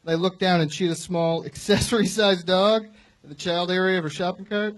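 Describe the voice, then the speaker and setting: A man's voice: sits high, fairly even intonation, fairly quick. A male stand-up comic telling a ranting, exasperated story at a live show. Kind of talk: stand-up set, then defending it. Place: live comedy venue.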